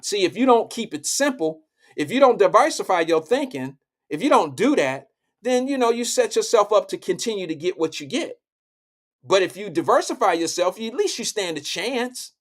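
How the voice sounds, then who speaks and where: Man, live show host, high voice, blunt, profane, heated commentary. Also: very animated, moderate pace. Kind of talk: political commentary.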